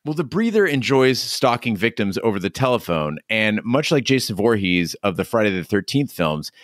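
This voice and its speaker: A man's voice: lowish voice, very animated, moderate pace, dry recording, clean studio sound. A man co-hosting a casual movie-review podcast, giving wry, critical commentary. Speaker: podcast co-host.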